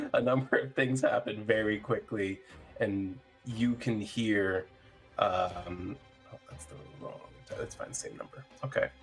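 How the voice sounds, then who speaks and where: A man with a lowish voice narrates a tabletop game as game master, unhurried and easygoing. He fills pauses with ums and the odd chuckle while soft music plays underneath. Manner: relaxed, with fillers and chuckles.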